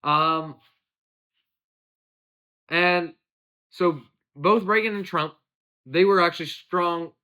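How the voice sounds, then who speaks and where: A man's voice: high voice, takes it slowly, pauses often, pushed and bright. A young American man hosting a casual political commentary show, rambling and drifting off on tangents. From United States. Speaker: podcast host.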